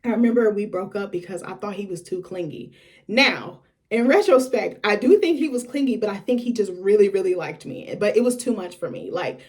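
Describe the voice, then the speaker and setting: A woman's voice: mid-range voice, animated, brisk, darkish tone. A young woman telling a candid story to the camera, chatty and casual, with lots of filler words. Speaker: vlogger host.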